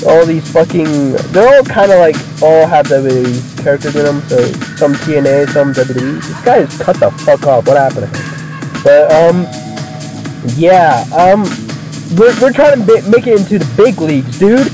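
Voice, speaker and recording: A man's voice: on the high side, lively intonation, normal speed, low-quality recording. A man giving casual, rambling, profanity-filled commentary while playing a wrestling game. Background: game music.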